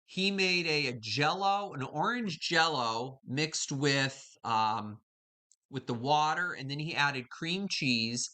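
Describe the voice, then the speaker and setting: A woman's voice: sits low, lively intonation, takes it slowly, bright, forceful tone. A woman hosting a live stream from home, chatting casually with viewers and greeting them by name. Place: home kitchen.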